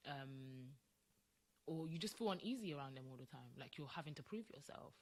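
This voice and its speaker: A woman's voice: low voice, expressive, fairly quick, darkish tone. A woman co-hosting a podcast in casual chat, talking emphatically and acting out quoted voices. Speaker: podcast co-host.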